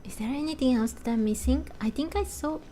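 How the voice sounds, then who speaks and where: A woman's voice: sits high, fairly quick, mellow, soft background music. A woman chatting casually while playing, reacting and asking questions about the story. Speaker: gameplay commentator. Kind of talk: casual game commentary.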